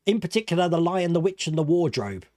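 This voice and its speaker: Giggly quiz host, mixed Australian-British accent. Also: male voice, a little high, very animated, a little mellow, no echo, studio quality. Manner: giggly, playful, reads options slowly. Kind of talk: livestream quiz hosting.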